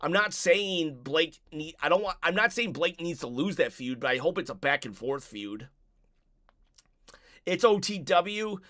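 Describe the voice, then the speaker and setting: High-voiced man hosting a live stream. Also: animated, a little slow, fairly bright tone, dry recording, studio quality. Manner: rambling, restarts, reads viewer comments aloud. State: a bit out of breath. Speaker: live-stream host reading chat. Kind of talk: casual live-stream chat.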